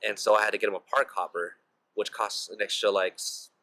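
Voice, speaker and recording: Chatty young man, bright forceful voice. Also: lowish voice, little pitch movement, a little fast, no room sound, poor audio. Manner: chatty, heavy use of "like" and "you know" fillers. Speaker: vlogger. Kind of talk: casual storytelling to camera.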